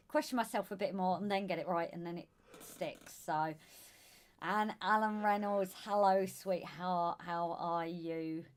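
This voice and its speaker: A woman with a Southern English accent hosts a relaxed live stream, working through viewer comments and greeting regulars warmly by name. Her voice sits on the lower side and is wearing thin. She calls people darling and sweetheart. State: losing her voice. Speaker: live stream co-host reading chat. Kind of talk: casual live stream chat.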